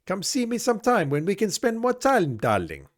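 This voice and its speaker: A man's voice: high voice, huge pitch swings, unhurried, voice pushed up, exaggerated voice. A man putting on a brassy, flirty barfly woman.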